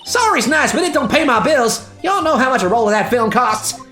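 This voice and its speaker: A brash Southern woman with a thick drawl scolds at full volume, her voice pitched high and swinging widely; a woman puts her on. Video game music plays behind her. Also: animated, brisk, a bit bright, reverberant. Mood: scolding.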